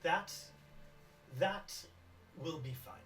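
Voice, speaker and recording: A man's voice: on the high side, extremely slow, fairly bright tone, recorded from a distance, faint music behind, rough recording. A man voicing a scheming male crime boss who speaks in an oily, magnanimous way. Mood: smug. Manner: oily, magnanimous, self-satisfied.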